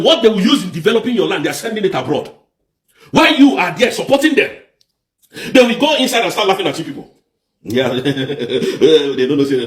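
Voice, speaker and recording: A man with a Nigerian accent giving a heated, emphatic political rant on a livestream, repeating points and breaking into shouts. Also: high voice, roomy sound. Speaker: livestream commentator.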